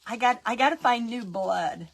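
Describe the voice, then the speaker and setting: A middle-aged woman with a fairly high, husky voice rambles through stories as she paints. She is chatty and laughs easily at her own pranks. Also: normal speed. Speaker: crafting tutorial host. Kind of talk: casual storytelling while painting.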